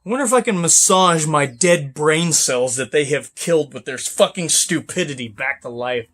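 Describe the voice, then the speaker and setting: A man, a truck driver, ranting with sarcasm and heavy swearing about trucking companies, often bursting into shouts. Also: on the high side, animated, normal speed. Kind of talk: angry ranting vlog.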